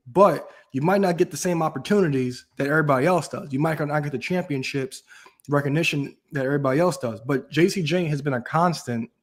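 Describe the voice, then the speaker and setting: A man co-hosting a wrestling podcast, talking as an enthusiastic and emphatic fan. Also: on the high side. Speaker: podcast co-host. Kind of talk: casual wrestling chat.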